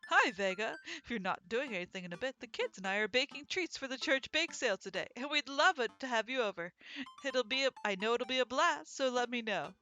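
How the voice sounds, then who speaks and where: A woman's voice: on the high side, lively intonation, fairly quick, faint music behind, voice pushed up. A woman reading a cheery, eager dad character. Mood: cheerful. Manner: warm, eager, exclamatory. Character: cheerful upbeat male single dad, friendly.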